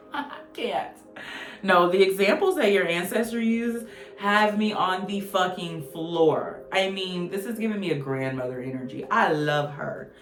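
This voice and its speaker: A woman's voice: on the low side, a little slow. A woman giving a casual tarot reading, blunt, slangy and profane, joking as she goes. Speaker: tarot reader. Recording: roomy echo with faint music.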